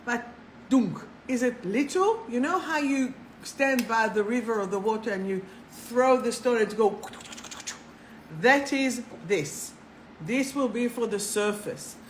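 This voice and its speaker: A woman hosting a live spiritual talk, chatty and animated, swearing casually and laughing at herself. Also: fairly high pitch, unhurried, slight background noise, rough recording. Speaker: spiritual coach and live show host.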